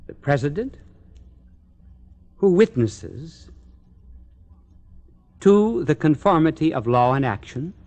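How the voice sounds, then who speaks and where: A man giving recorded Catholic religious instruction in a dramatic, declamatory way, with long pauses between phrases. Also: mid-range voice, darkish tone.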